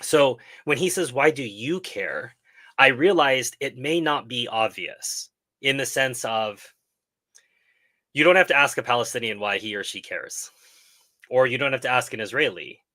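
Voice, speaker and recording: A middle-aged man hosting a live stream and answering viewer questions in a casual, thoughtful way, pausing and restarting as he explains. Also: mid-range voice, sharp tone.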